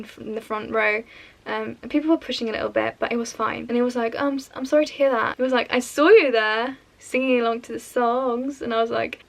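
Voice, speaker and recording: Young swedish girl vlogging, chatty and gushy, slightly high with gravelly fry. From Sweden. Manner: chatty, gushing, quoting others in quick bursts. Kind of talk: storytelling vlog voice-over.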